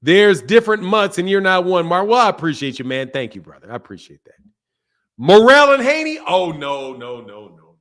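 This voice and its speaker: A man with a Philadelphia accent chats on a boxing livestream and reads out viewer super chats. His voice sits high for a man, and he often says the same phrase several times over in a playful, animated way. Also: fairly quick. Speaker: boxing channel host reading super chats. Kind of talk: casual livestream chat.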